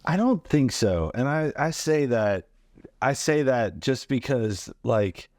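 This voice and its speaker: A comedian in his forties, appearing as a guest in a storytelling interview, spins animated anecdotes, acts out the quotes and uses lots of fillers. His mid-range voice moves slowly, and the studio recording is clean with no echo.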